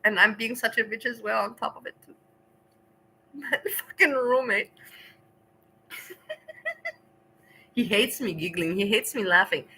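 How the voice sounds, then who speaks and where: Chatty livestreaming woman, bright voice. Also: mid-range voice, fast talker, creaky, husky, low-quality recording. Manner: rambling, laughs often, talks back to chat. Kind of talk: casual livestream chat to viewers.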